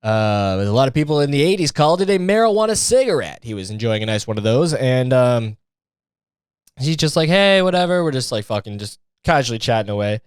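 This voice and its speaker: A man's voice: medium pitch, very animated, brisk, clean tone, no echo. A young man hosting a podcast, telling stories in a rambling, profane, joking way and mimicking people for laughs. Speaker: podcast host. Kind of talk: casual comedic monologue.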